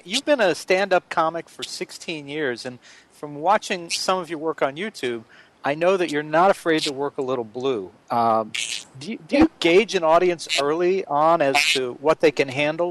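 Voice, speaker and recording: A man's voice: a little high, animated, normal speed, no room sound. Man, interview host, chatty, jokey, dry recording.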